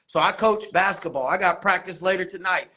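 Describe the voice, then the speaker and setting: A man, a barber and basketball coach, telling animated stories in a casual interview, acting out quotes. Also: high voice, brisk. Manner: animated storytelling, laughs often, acts out quotes.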